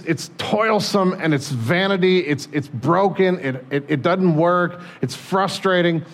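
A male pastor preaching in a relaxed, conversational way, often restarting his sentences. His voice sits a little high for a man. He speaks plainly and jokes at his own expense. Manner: conversational, self-deprecating, frequent restarts. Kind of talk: sermon.

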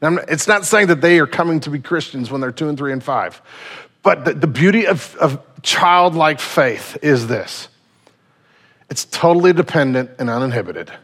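A man in his thirties preaching a sermon, lively and conversational, acting out the people in his stories. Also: fairly high pitch, moderate pace. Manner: animated storytelling, acting out quotes. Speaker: pastor.

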